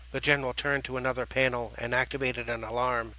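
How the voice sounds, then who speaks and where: A man narrating an audiobook in a measured, dramatic reading style. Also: mid-range voice, flat delivery, pushed and bright, no echo, poor audio.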